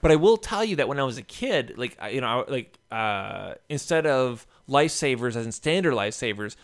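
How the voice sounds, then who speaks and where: A man telling a rambling story in casual chat, full of "like" fillers and animated retellings. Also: medium pitch, fairly quick.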